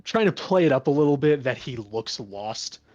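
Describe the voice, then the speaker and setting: A man's voice: mid-range voice, lively intonation, normal speed, darkish tone, dry recording, dull audio. A man playing in a tabletop game who chats casually about his character's moves. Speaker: player.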